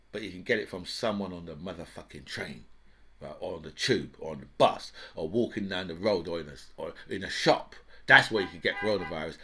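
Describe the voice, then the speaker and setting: A man's voice: lowish voice, fairly bright tone. A middle-aged man giving an indignant, mocking political rant, tagging lines with "right?" and "yeah". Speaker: political commentator. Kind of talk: ranting political monologue.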